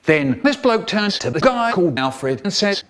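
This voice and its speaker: A man telling a comic story with exaggerated, expressive delivery. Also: high voice, moderate pace. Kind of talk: comic storytelling, spliced from clips.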